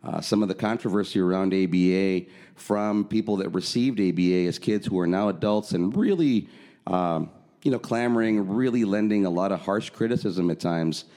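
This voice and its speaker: A podcast co-host with a low, warm voice talks at a moderate pace. His style is loose and conversational, full of fillers and easy laughter.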